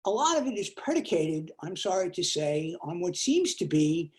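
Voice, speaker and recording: A woman's voice: on the low side, big pitch swings, normal speed, darkish tone, rough recording. A woman giving a lay sermon to her congregation, talking plainly and conversationally with small hesitations and restarts. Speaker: lay worship leader. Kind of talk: lay sermon with a told joke.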